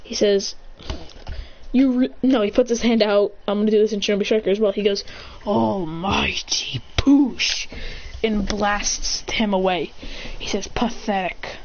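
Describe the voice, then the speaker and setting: A woman excitedly retelling an imagined anime battle, rambling and breathless, with shouted sound effects. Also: mid-range voice, a little fast, hardly any pauses. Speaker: storyteller. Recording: dull lo-fi sound with faint hiss.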